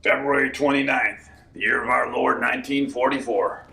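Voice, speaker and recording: A man spinning folksy, deadpan tall tales in a comic interview. His voice has a gravelly texture with a sharp, bright edge. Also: medium pitch, moderate pace. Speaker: comic storyteller.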